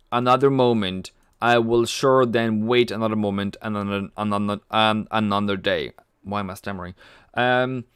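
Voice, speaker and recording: A man's voice: medium pitch, a bit bright, smooth, no room sound, studio quality. A man hosting a casual trading livestream, chatty, reading viewer comments aloud and cracking jokes. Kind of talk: casual live-stream chat.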